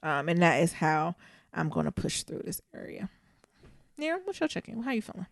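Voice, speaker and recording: Brief: woman podcast co-host, lively swooping voice, lowish, dry close mic, candid chat. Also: fairly quick, creaky, dry recording. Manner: candid, animated, talks to listeners directly. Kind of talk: casual chat.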